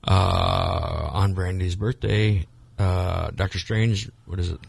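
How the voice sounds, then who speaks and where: A man's voice: deep voice, fairly even intonation, takes it slowly, creaky, slightly rough, no echo. A man co-hosting a casual podcast, rambling with lots of fillers and restarts. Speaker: podcast co-host. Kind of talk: casual chat.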